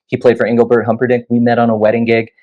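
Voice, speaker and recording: A guest musician in his thirties tells animated stories in a casual interview, packing his speech with fillers like "you know" and "like." His mid-range voice races along, and the audio has a phone-quality sound.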